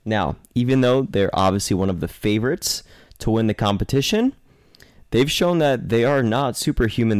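Clean studio sound, dry and without reverb, carries a man's lowish, slightly mellow voice with a clean tone. Co-hosting a sports podcast, he chats casually, talkative and playful, frequently fixing his words mid-sentence.

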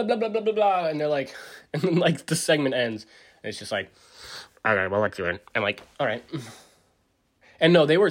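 A man in his forties rambling through a casual solo podcast monologue, full of fillers and restarts, jumping up in pitch to act out what others said. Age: 40s. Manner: acts out quotes with big pitch jumps. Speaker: podcast host.

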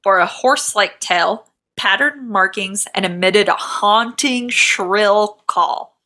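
A podcast co-host joins in casual comedic chat, reading out story notes and joking with plenty of swearing. Her medium-pitched voice is bright and forceful, and she takes it slowly.

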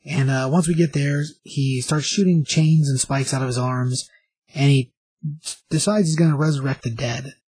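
Husky man casually recapping a story. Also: medium pitch, steady tone, normal speed, a little mellow, rough recording. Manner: rambling, informal, with fillers. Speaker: vlogger recapping a show.

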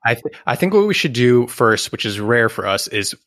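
A man's voice: mid-range voice, very animated, normal speed, a bit bright, no echo, clean studio sound. A man co-hosting a podcast in casual banter, teasing and enthusiastic. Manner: teasing, enthusiastic about his research. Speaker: podcast co-host.

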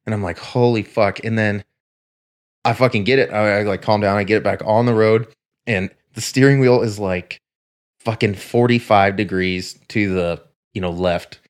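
A man's voice: lowish voice, fairly even intonation, moderate pace. A man in casual podcast chat, telling rambling stories and swearing freely. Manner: profane, rambling storyteller. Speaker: podcast co-host.

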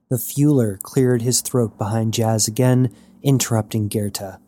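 A man narrating a science fiction story in an even storytelling read. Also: fairly low pitch, moderate pace, hardly any pauses, dry recording, studio quality. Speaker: audiobook narrator. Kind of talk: scripted narration.

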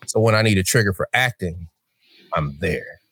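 A man's voice: deep voice, normal speed, slightly rough. A middle-aged man, a guest on a podcast, chatting casually and acting out voices as he tells stories, often repeating words as he starts. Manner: animated storyteller, acts out voices, repeats words.

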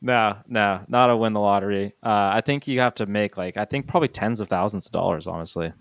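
A man's voice: lowish voice, brisk, no echo. A man co-hosting a podcast, talking in an upbeat, chatty way. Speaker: podcast co-host. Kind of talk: casual podcast chat.

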